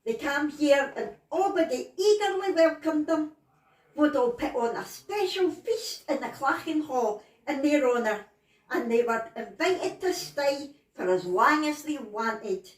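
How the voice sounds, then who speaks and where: A woman's voice: sits high, expressive, a little slow, pitched above the performer's own voice. A Scottish woman voicing a small, blunt female truth pixie who speaks broad Scots. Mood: matter-of-fact. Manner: blunt, matter-of-fact Scots storytelling. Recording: roomy, distant from the mic.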